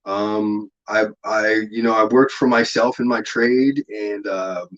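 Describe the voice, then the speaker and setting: A man as an interview guest, telling stories in a laid-back, rambling way, swearing freely and filling pauses with "um" and "like". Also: fairly low pitch, steady tone, fairly bright tone, muffled recording. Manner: laid-back, profane, rambling with many fillers. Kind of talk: casual storytelling interview.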